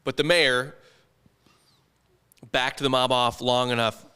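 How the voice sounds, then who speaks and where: A man's voice: medium pitch, fairly even intonation, takes it slowly, pushed and bright, clean tone. A young man casually telling a history story on a comedy podcast, rambling and profane, sometimes slipping into put-on voices.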